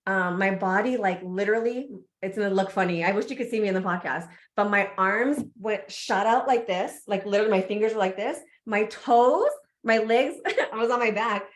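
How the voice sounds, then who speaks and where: Animated woman guest telling a candid story. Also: mid-range voice, moderate pace, hardly any pauses. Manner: animated, laughs often, acts out reactions. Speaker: podcast guest, embodiment coach.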